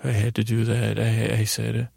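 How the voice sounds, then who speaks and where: Male sleep-story narrator, very gravelly, flat delivery, rambling with frequent restarts, dry close mic. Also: lowish voice, no echo. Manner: meandering, halting, many restarts and "I said". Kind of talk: rambling improvised bedtime story.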